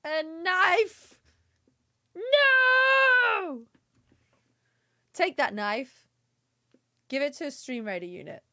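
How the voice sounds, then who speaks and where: A young British woman chatting her way through a game stream, playful and prone to giggles. Her voice sits high and swings widely up and down as she jokes with her chat. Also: very animated, a little slow, bright, forceful tone, no echo. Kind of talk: casual game livestream chat.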